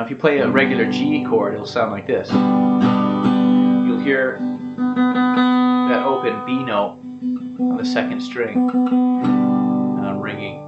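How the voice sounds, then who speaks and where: A man's voice: mid-range voice, dull audio. Easygoing man teaching guitar, roomy sound. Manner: easygoing, explains step by step with many fillers. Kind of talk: casual guitar tutorial.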